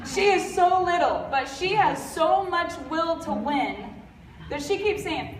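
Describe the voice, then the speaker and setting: Stuffy-nosed woman preaching biz motivation, high voice, echoey hall, mic kinda far off. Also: animated, a little slow, a little hiss or hum. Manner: blunt, fired-up, jokey. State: stuffy, congested. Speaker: convention speaker. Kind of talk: motivational stage talk. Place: large convention hall. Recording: roomy hall audio from far off.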